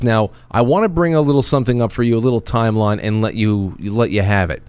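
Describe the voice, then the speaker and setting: A man hosting a talk show in casual chat, often halting and restarting his sentences. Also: fairly low pitch, darkish tone, smooth, dry recording. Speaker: podcast host.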